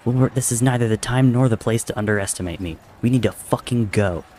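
A man's voice: fast, slight background noise, close to an everyday voice. A man voicing a brash, angry young soldier who swears and raises his voice. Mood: furious. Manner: loud, raised pitch, swearing.

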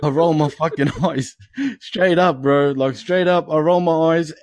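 A man's voice: a little high, steady tone, a little slow. An Australian man hosting a casual podcast chat, swearing freely and dropping mate and bro into every sentence. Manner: swearing, laughing, broad slang like mate and bro. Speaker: podcast host.

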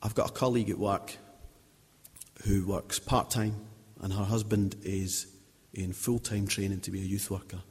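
A man's voice: lowish voice, level tone, moderate pace, husky. A man in his thirties giving an informal sermon, chatty and anecdotal, often restarting his sentences. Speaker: lay preacher. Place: church. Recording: long reverb of a church hall.

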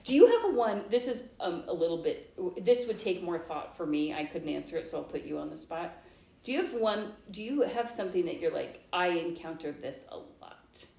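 A woman's voice: lowish voice, expressive, normal speed, gravelly, warm tone. A woman co-hosting a podcast, thinking aloud and readily agreeing with her partner. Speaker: podcast co-host. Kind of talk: casual chat. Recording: roomy echo.

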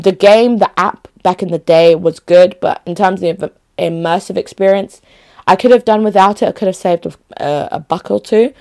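A woman's voice: medium pitch, darkish tone. A young adult woman chatting casually to her viewers, emphatic and often restarting her phrases. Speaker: vlogger. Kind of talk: casual talk to camera.

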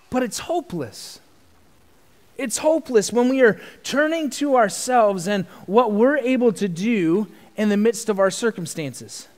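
A man preaching a sermon in an earnest tone, swelling into loud emphasis. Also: high voice. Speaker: pastor. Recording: long church reverb.

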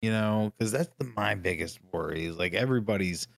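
A man with a very low voice co-hosts a podcast and tells stories in an easy, laid-back way. He laughs often and backs up his partner with short agreeing replies. His voice is recorded close and dry. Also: fairly quick, vocal fry, dry recording. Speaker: podcast co-host. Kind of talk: casual storytelling banter.

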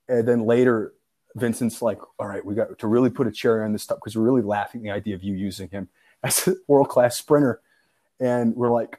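Young guy in a chat, animated storytelling, keeps laughing and swearing, plain middle voice. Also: medium pitch. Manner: animated storyteller, laughs often, acts out quotes, swears freely. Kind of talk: casual chat.

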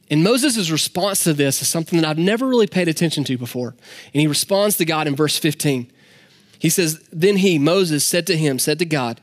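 A man preaches to his congregation in a relaxed, conversational way. His voice sits a little high for a man. He speaks candidly and turns to the listeners with casual asides. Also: a little fast. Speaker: pastor. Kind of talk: sermon.

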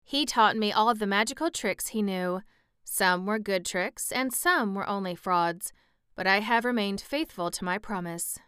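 A woman's voice: medium pitch, moderate pace, sharp tone, smooth, no room sound, clean studio sound, natural voice. A woman voicing a sly, grudging old female witch in a storybook reading, reluctant and evasive in her answers.

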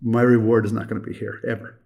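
A man's voice: on the low side, flat delivery, quick pace, creaky, darkish tone. An older man who directs a children's home, telling a heartfelt story in an interview with earnest repetition.

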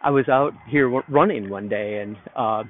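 A man's voice: mid-range voice, moderate pace, slight background noise. A man hosting a podcast, telling a loose, rambling story in a reflective solo monologue from outdoors in a park. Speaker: podcast host. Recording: narrow phone-like sound.

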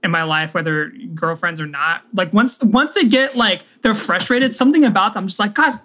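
A man's voice: high voice, fairly quick, bright, forceful tone. A man co-hosting a podcast, giving earnest dating advice in casual chat. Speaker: podcast co-host.

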